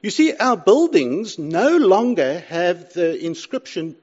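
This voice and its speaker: An older man preaching a sermon, swinging between loud pleas and hushed asides. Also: high-pitched, sing-song, slow, lo-fi sound. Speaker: pastor.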